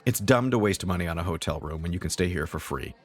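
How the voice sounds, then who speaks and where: A man's voice: deep voice, animated, fast talker, slightly rough. A man doing a boisterous, firm dad. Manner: boisterous, warm but firm. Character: boisterous loving father cooking for a crowd.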